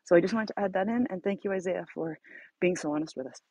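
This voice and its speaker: A woman co-moderating an online audio room, giving gentle, encouraging advice to a participant. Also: fairly low pitch, fast, slightly rough, no room sound. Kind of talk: conversational advice talk.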